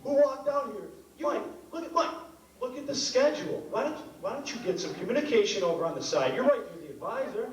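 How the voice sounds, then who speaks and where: A man's voice: high-pitched, big pitch swings, fast talker, a crowd in the background. A young man in his late teens co-hosting a school variety show, trading jokes and arguing with his partner. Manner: bickering, keeps repeating his partner's name. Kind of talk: stage comedy banter. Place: school auditorium stage. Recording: echoey hall from far off, noisy.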